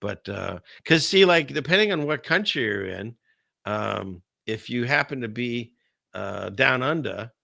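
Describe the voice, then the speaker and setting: A man hosts a casual commentary stream in a gravelly, bright-edged voice, rambling from point to point with sarcasm. His sound is dry and close, with no room around it. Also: mid-range voice, expressive, measured pace, no echo. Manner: rambling, sarcastic, laughs between remarks. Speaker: host of a political commentary stream.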